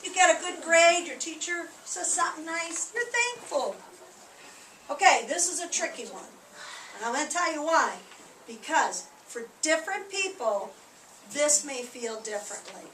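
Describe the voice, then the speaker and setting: A high, bright-voiced woman teaching a class of small children, acting out each feeling with big swings in her voice. She is caught from far off in a roomy, echoing hall. A faint hum sits behind her. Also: lively intonation, normal speed. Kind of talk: classroom lesson to young children. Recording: echoey room recorded from a distance.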